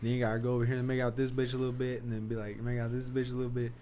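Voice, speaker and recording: A man's voice: medium pitch, monotone, rapid-fire, dark tone, a little hiss or hum. Profane, laughing young man telling stories. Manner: loose, profane, laughing storyteller. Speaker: podcast host. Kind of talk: casual storytelling chat.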